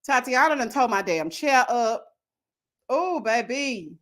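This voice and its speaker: A woman hosts a casual live chat from home, her voice sitting a little high and swooping widely as she reacts. She laughs often and drawls endearments like "baby" and "child" between her comments. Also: expressive, takes it slowly, fairly bright tone. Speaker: livestream host.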